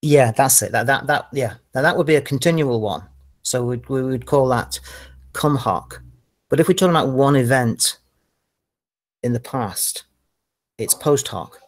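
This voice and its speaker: A man's voice: mid-range voice, unhurried, long pauses. A man in casual online chat, explaining points carefully with hesitant repeats.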